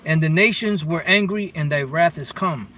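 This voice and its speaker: A man's voice: a little high, moderate pace, sharp tone. A man giving an informal scripture lesson, reading verses aloud and then explaining what the words mean, often restarting his sentences. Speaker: bible teacher. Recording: distant mic with faint vehicle noise.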